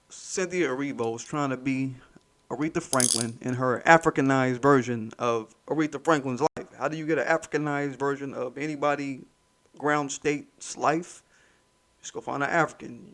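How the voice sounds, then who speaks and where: A man's voice: medium pitch, fairly bright tone. A man hosting his own commentary channel, ranting in a heated, mocking, profane way and repeating points for emphasis.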